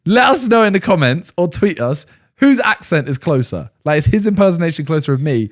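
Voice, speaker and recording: A man's voice: fairly high pitch, very animated, a little fast, no echo, clean studio sound. A young man co-hosting a podcast, laid-back and playful, laughing often in casual banter. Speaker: podcast co-host.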